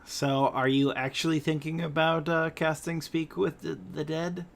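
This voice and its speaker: A man narrating as game master of a tabletop game, unhurried and hesitant, pausing with fillers. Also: fairly high pitch, little pitch movement, vocal fry.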